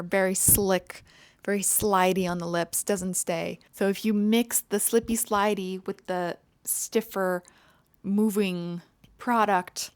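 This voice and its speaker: Young woman beauty vlogger ranting about makeup, sarcastic and fed up, mid-pitched, dry close sound. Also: steady tone, unhurried, darkish tone, no room sound. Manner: exasperated, sarcastic ranting with dramatic emphasis. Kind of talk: casual ranting makeup review.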